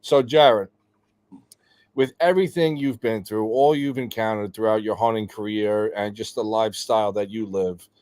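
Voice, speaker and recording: A man's voice: fairly low pitch, steady tone, moderate pace, darkish tone. A man hosting a live show, eagerly asking his guest several questions at once. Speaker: podcast host. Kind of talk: interview questions.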